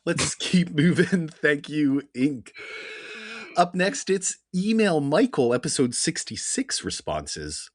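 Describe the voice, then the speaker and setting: A man co-hosting a podcast, reading listener mail in a dry, deadpan, casual way. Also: fairly high pitch, slow pace, no echo. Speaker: podcast co-host. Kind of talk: casual chat.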